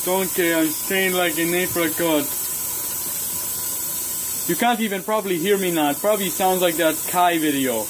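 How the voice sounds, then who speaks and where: Dude doing a goofy whiny ogre guy, kinda high voice, faint hiss behind. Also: moderate pace, pauses often, close to an everyday voice. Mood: silly griping. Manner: goofy, whiny, repeats "donkey". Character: goofy male ogre, messy and dramatic. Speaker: comedy skit performer. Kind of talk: amateur comedy skit.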